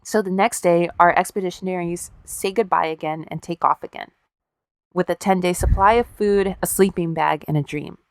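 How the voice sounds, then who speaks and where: A woman's voice: on the low side, moderate pace, dry recording, studio quality. A woman co-hosting a podcast, casually telling a story with wry, profane asides and acted-out quotes. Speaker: podcast co-host.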